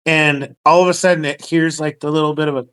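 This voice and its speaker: A man's voice: fairly high pitch, fairly even intonation, fast talker, a bit bright, smooth, poor audio. A man running a tabletop game as dungeon master, laid-back and casually swearing.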